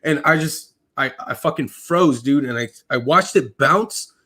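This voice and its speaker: A man's voice: a little high, a little slow, bright, forceful tone, breathy edge. Swearing man telling a war story. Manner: swears often, fills with uh and like. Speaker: podcast guest, army medic veteran. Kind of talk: casual storytelling conversation.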